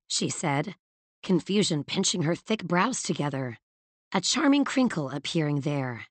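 A female audiobook narrator reads scripted narration from a novel in a measured, even way, her voice lowish. She stays steady and close to the mic, and the recording is dry with no room echo.

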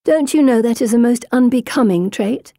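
A haughty blonde schoolgirl, put on by a woman reading a storybook, with a husky, smoky voice pitched higher than the narration. She talks in a cold, mocking, condescending way. It is a dry, close recording. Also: normal speed, warm tone, dry recording, close to an everyday voice.

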